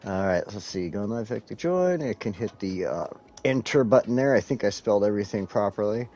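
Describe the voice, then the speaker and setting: A man's voice: lowish voice, expressive, brisk, a little mellow. A man hosting a casual live game stream, rambling and swearing as he talks to his chat while clicking through menus. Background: faint background music.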